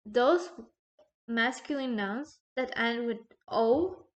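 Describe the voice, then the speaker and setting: A woman teaching a recorded grammar lesson, explaining slowly and checking in with "okay?" between points. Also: on the high side, lively intonation, highs cut off. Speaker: language teacher.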